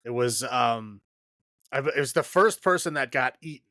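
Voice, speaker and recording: Bright-voiced chatty male podcast host. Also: mid-range voice, lively intonation, normal speed, dry recording. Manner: chatty, laughs often, trails off mid-sentence. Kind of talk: casual podcast chat.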